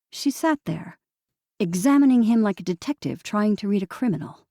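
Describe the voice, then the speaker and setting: A woman narrating an audiobook in a calm, steady storytelling manner. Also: medium pitch, normal speed, no echo, clean studio sound. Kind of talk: scripted narration.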